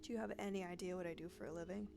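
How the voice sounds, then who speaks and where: A bitter female sub-editor with a grudge, cold and pedantic as she lays out her accusation, as a woman reads her lines. The voice has a gravelly fry at its edges. Game music plays clearly underneath. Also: on the low side, steady tone, rapid-fire. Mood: accusing.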